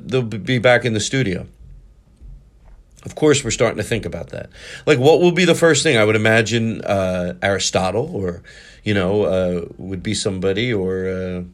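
A man hosting a solo podcast, rambling with many restarts and self-corrections, a little high. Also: a bit bright. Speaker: podcast host.

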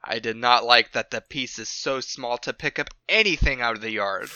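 Bright, goofy man joking around. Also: mid-range voice, normal speed, clear, resonant tone, no echo, lo-fi sound. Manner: goofy, swears, jokey asides. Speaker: podcast co-host. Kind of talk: casual comedic chat.

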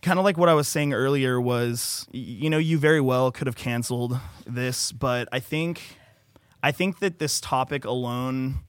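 An earnest man talking quietly on a podcast, at times reading aloud something he wrote himself. His voice sits at a middle pitch. The recording is dry and close, as from a studio microphone. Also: moderate pace, clear, resonant tone, dry recording. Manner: earnest, soft-spoken, reads his own writing aloud. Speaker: podcast engineer. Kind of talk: casual podcast conversation.

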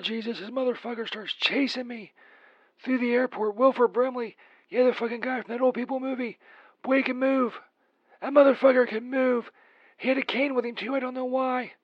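A shrill, squeaky Saint Peter, as a man puts him on, rambling through a comic voicemail full of profanity and petty grudges. The voice sounds dull and lo-fi, close and dry with no room around it. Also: no room sound. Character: crude rambling Saint Peter, adult male.

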